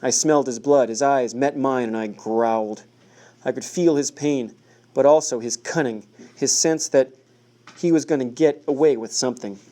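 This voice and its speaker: A man reading a first-person novel aloud in a steady, measured way. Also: mid-range voice. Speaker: audiobook narrator.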